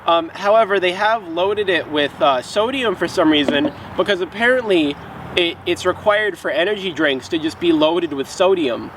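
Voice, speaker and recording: A man rambles sarcastically through a drink review vlog and mock-scolds his viewers. His voice sits a bit high. Clear traffic noise runs under the outdoor recording. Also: lively intonation, normal speed, fairly bright tone, poor audio.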